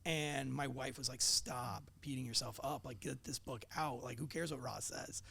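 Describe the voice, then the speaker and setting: With a bright, husky mid-range voice, vocal fry and a forceful tone, this man in his forties speaks at normal speed. He's a former cop guesting on a podcast, casually telling stories, voicing the dialogue himself and cursing freely.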